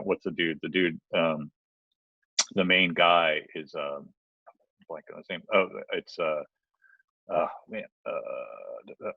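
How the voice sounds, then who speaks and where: This podcast co-host has a low voice, recorded dry with no room sound and a lo-fi quality. He chats casually, rambling along with plenty of fillers and restarts.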